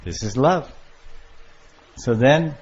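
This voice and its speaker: An older man giving a devotional lecture on scripture, storytelling with lively acted-out voices. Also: medium pitch, slow pace. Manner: animated storyteller, acting out lovers' calls. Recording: muffled lo-fi lecture recording.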